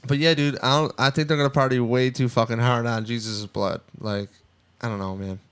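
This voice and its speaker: A man chatting loosely on a sports podcast, his speech full of swearing and tangents. His voice is smooth and clear at a middling pitch, and he keeps jumping between excitement and mumbling asides. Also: a little fast. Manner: profane, rambling, excitable. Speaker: podcast co-host. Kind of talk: casual sports podcast chat.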